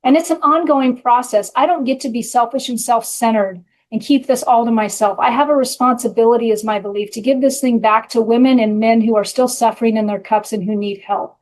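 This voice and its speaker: A middle-aged woman with a fairly high voice tells her own story of recovery. She talks bluntly and frankly, with earthy language, in a candid, personal way. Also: brisk, few pauses, rough recording. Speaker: podcast host and recovery coach.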